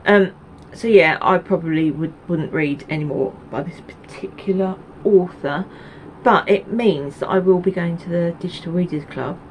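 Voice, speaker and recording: An Essex woman with a lowish voice hosts a knitting video podcast, chatting to camera in a rambling way full of ums and asides. She talks at normal speed with hardly any pauses. The audio is poor, with slight background noise.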